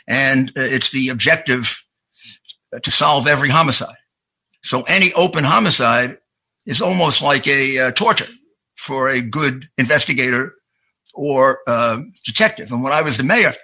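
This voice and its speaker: A man's voice: fairly high pitch, gravelly, pushed and bright, slightly rough, poor audio. A man who was once a prosecutor and a mayor, answering in an earnest, emphatic way. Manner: earnest and emphatic, with some restarts. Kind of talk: interview answer.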